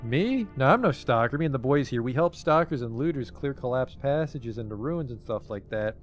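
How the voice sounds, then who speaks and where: A man voicing a tough, blunt male labourer in a game, offhand and gruff. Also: mid-range voice, animated, fairly quick, soft background music, lightly acted.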